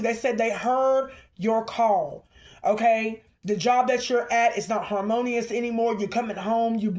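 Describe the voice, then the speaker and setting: A fairly high-voiced woman delivers a collective spiritual reading to her viewers. She speaks with emphasis, keeps punctuating her points with "okay?", and calls out to the ancestors as she goes. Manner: emphatic, repeatedly checks in with "okay?"; excited and bouncy at moments. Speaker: spiritual reader.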